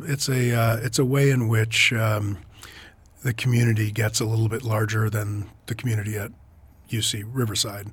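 A man's voice: lowish voice, husky. A man answering interview questions thoughtfully, with frequent fillers and restarts. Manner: hesitant, many fillers and restarts. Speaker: author and editor, interview guest.

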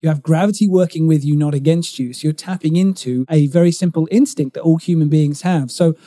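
Male guest, middle-aged, very dark mellow voice, slightly high, dry sound, expressive and explanatory. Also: brisk, no room sound. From United Kingdom. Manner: expressive, explanatory, emphatic on key words. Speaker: guest, communication coach. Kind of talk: conversational interview.

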